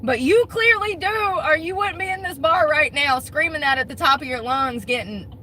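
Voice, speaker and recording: A woman's voice: sits high, brisk, bright, forceful tone. Blunt, profane woman venting over traffic. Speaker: bartender. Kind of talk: casual ranting vlog.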